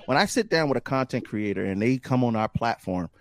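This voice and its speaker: A man's voice: mid-range voice, brisk, dry recording. Man, podcast host, emphatic jokes, dry close sound. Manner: animated, joking, emphatic. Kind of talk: casual podcast chat.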